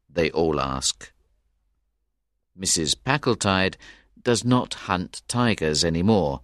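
Slow, deep-voiced male story narrator. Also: no echo, clean studio sound. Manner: measured, expressive reading.

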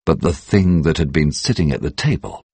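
A man narrates an audiobook in a very deep, husky voice. He keeps a measured, steady pace, and the recording is close and dry. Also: dry recording.

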